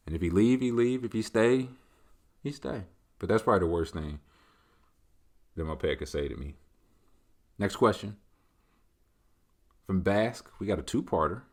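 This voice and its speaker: Loose, rambling man with a low voice. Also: lively intonation, moderate pace, pauses often. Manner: loose, rambling, conversational, leaning on filler tags. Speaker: host. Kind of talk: casual solo Q&A chat.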